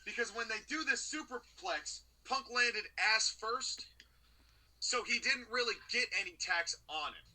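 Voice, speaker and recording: High bright animated man reviewing wrestling. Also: a little slow, poor audio. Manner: opinionated, animated storytelling. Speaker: podcast co-host reviewing wrestling. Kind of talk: casual review chat.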